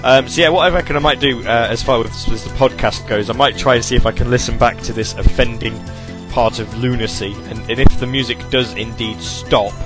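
A man's voice: mid-range voice, fairly even intonation, brisk, few pauses, music in the background. Rambling man hosting an online stream. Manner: rambling, self-interrupting, apologetic. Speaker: podcast host. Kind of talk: casual chat on an online radio stream.

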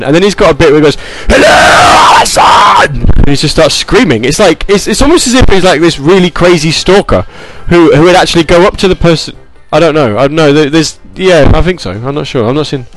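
A man's voice: fairly high pitch, poor audio. A man hosting a gaming and music stream, chatting casually and rambling with fillers and asides. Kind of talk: casual chat.

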